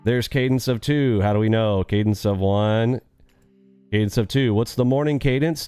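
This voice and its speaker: A man's voice: mid-range voice, expressive, fairly quick, warm tone, clean tone, no echo. A man live-streaming his day trading, upbeat and quizzing his viewers with catchphrases.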